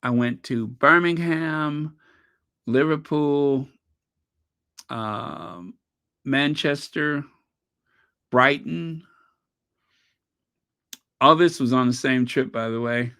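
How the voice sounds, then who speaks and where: An American man with an African American accent, chatting casually and rambling excitedly while pausing to recall details. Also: mid-range voice, clean tone. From United States. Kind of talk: casual chat.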